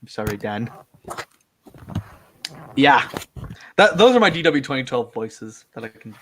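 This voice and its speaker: A young man, chatting casually about fan films, laughing often and slipping into quick impressions. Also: medium pitch, big pitch swings, fairly bright tone, a little hiss or hum. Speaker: fan-film actor and co-host. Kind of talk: casual chat.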